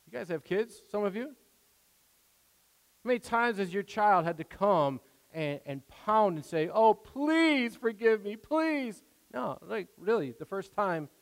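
A man preaching a sermon in an earnest, conversational way, stopping and restarting, acting out quoted prayers. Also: sits high. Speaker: pastor. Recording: long hall reverb.

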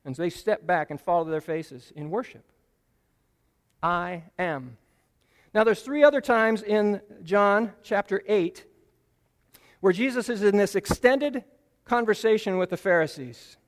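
A man gives an earnest, explanatory sermon teaching from the Bible, his fairly high voice animated as he slows and emphasizes key phrases to drive them home. His words echo with the long reverb of a large hall.

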